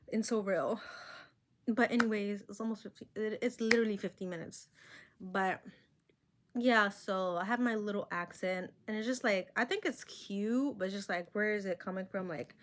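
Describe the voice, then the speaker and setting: A young woman with a slight accent all her own talks straight into her camera. She rambles in a candid, self-conscious way, and her voice sits at an ordinary middle pitch. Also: normal speed, a little hiss or hum. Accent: own non-American accent. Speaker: vlogger. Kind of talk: casual talking to camera. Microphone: camera mic.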